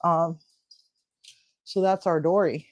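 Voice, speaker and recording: A woman's voice: on the low side, fairly even intonation, slow, no room sound. A woman hosting a casual home cooking video, rambling and chatty, cooing at her pets. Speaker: home cooking show host. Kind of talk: casual cooking and pet chat.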